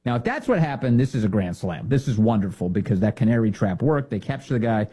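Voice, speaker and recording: A man's voice: lowish voice, sing-song, fast, warm tone, breathy edge. A man hosting a political commentary show, talking in a sarcastic, mocking way and mimicking others in silly voices.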